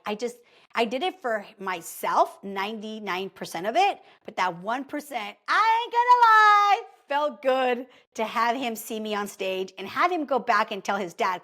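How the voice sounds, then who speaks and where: A woman in her thirties hosting a podcast, telling a personal story in a casual motivational monologue, chatty and animated, peppered with "like" and "okay?". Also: mid-range voice. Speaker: podcast host.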